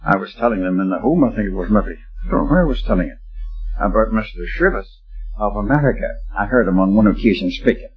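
Older preacher, husky voice. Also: male voice, lowish voice, animated, fast, soft background music. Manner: earnest, exhorting, tells homely anecdotes. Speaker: lay preacher. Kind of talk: sermon. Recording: dull lo-fi old tape recording.

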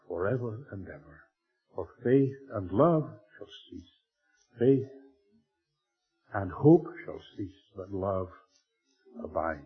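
Man preaching, husky voice, measured and emphatic, clears his throat often, tinny phone-like old recording. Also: medium pitch. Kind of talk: Bible teaching sermon. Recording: old tinny phone-like tape with faint music.

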